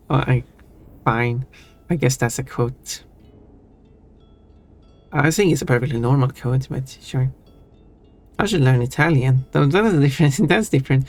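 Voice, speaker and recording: A man talks casually with his viewers during a gaming stream, rambling and amused at himself. His voice sits at an ordinary pitch for a man. Soft music plays faintly behind him. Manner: chatty, self-amused, restarts and trails off. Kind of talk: casual chat while gaming.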